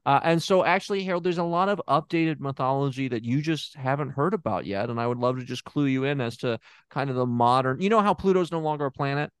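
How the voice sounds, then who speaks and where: A man's voice: medium pitch, fast, clean tone, dry recording, natural voice. A man playing a bumbling fake therapist in an improvised scene, hesitant and stammering while confidently explaining nonsense. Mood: deadpan.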